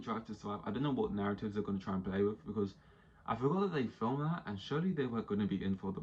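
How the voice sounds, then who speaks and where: A man hosting a podcast in casual, animated talk, slipping into mock voices now and then. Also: on the low side, lo-fi sound. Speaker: podcast host.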